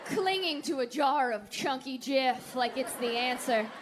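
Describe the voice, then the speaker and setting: A woman in her thirties performing a sarcastic, animated stand-up comedy set and working the crowd on a theater stage. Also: high-pitched, unhurried, slight background noise. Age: 30s. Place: large theater stage with audience. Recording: live theater recording with crowd laughter.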